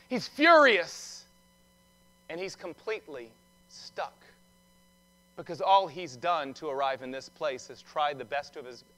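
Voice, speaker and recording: A male pastor gives an Easter sermon in a loose, storytelling style, with quips and questions to the congregation. His voice sits high and sounds bright and forward. He moves easily between joking asides and earnest points. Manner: conversational storytelling with humor.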